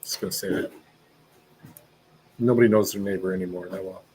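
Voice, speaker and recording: A man's voice: deep voice, fairly even intonation, a little fast, mellow, a little hiss or hum, low-quality recording. A man chiming into a casual chat with offhand asides, often talking over the others.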